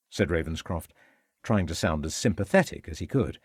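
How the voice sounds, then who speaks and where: A man narrating an audiobook mystery in a measured, expressive storytelling style. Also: low-pitched, slightly rough, dry recording, clean studio sound. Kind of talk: scripted narration.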